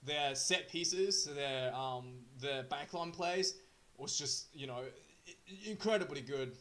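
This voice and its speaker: A man with a slightly higher voice gives an off-the-cuff rugby match recap. He stumbles through fillers and restarts, then picks up steam as the story gets exciting. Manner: halting, full of fillers and restarts. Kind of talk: casual unscripted match recap.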